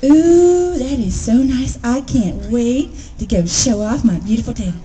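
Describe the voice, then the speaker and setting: A vain possum who adores his own tail, cooing and preening over it, as a woman storyteller voices him. The voice is high, sliding up to crow and dropping low and dreamy when he admires himself. It is a folk tale spoken aloud. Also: unhurried, mellow, slight background noise, close to an everyday voice, rough recording.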